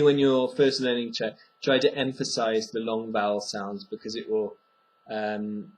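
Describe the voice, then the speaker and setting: A man teaching a pronunciation lesson, speaking slowly and clearly and repeating each sound for the learner. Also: mid-range voice, rough recording. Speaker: language teacher.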